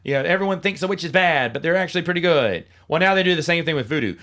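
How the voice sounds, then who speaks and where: A middle-aged man hosts his own podcast and talks casually through an opinionated review. His voice sits a little higher than most men's. He is sarcastic and sometimes mocks lines in a deliberately flat voice. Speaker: podcast host. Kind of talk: casual solo review monologue.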